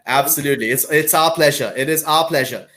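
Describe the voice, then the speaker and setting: Hosting a live-streamed panel over a video call from Singapore, this man welcomes guests effusively, repeating his words and his thanks. His voice is fairly high, brisk, bright and forceful.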